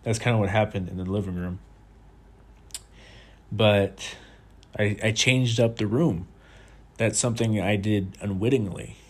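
A man with a fairly low voice talks through a candid personal monologue. He sounds reflective and confessional. He restarts his thoughts often and swears casually along the way. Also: breathy edge. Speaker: vlogger.

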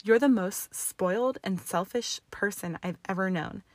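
A woman's voice: mid-range voice, unhurried, darkish tone, dry recording, lightly acted. A woman voicing a proud young witch who snaps and scorns in anger. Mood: scornful. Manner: snapping, scornful.

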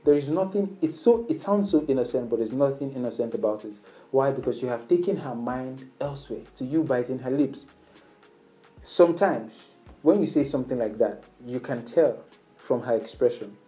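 A man's voice: expressive, normal speed, dark tone, faint music behind, rough recording. A man talking casually to the camera, giving flirting advice in an instructive way. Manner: instructive, acts out sample lines in a higher playful voice. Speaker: dating advice speaker.

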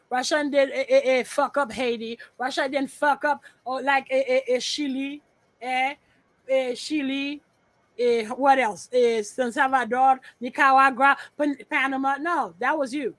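A woman's voice: high voice, a bit bright, dry recording. A woman guesting on a podcast over a remote call, talking bluntly with profanity and repeating her points. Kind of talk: casual podcast chat.

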